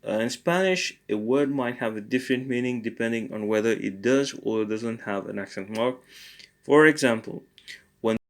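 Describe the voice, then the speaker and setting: A man's voice: medium pitch, moderate pace. A man teaching an informal Spanish lesson. He thinks aloud with many fillers and good-humouredly corrects his own slips.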